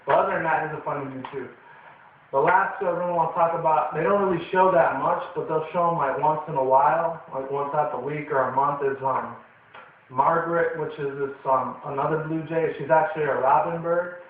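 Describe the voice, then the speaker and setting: A man's voice: on the high side, fairly quick. A young man giving a casual, rambling, profane cartoon review full of fillers. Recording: echoey distant tinny lo-fi recording.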